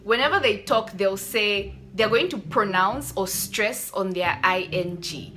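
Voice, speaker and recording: A woman's voice: mid-range voice, measured pace, hardly any pauses, slight background noise. A young woman, chatting animatedly in a sit-down vlog and mimicking people. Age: 20s. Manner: animated, laughing, mimics others. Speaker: YouTuber. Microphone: phone camera.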